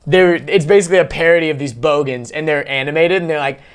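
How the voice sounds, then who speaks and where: A man's voice: a little high, fast, crowd noise. A man hosting a podcast in casual chat, laid-back, laughing often and swearing freely. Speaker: podcast host.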